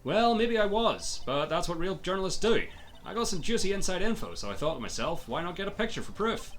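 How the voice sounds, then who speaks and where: A man voicing a loud, brash female photographer from the American South, in a folksy drawl with a put-on Southern accent, reading video game lines. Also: high voice, big pitch swings, fairly quick, soft background music.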